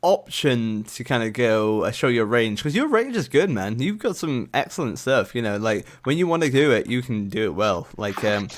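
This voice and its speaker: A young man co-hosting a podcast, teasing and excitable, laughing often. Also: medium pitch, normal speed, hardly any pauses. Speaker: podcast co-host. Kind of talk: casual comedic chat.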